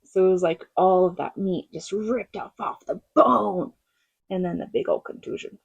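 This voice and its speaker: A middle-aged woman telling a personal story in a casual vlog, animated and laughing, acting out what others said. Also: on the low side, normal speed, vocal fry, breathy edge, dry recording, highs cut off. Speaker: vlogger.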